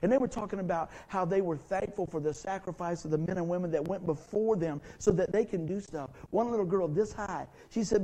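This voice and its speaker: A man's voice: high voice, brisk, few pauses, mellow. A middle-aged man as pastor, preaching a sermon to his church in a folksy, conversational way, acting out the quotes of the people in his stories. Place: church sanctuary.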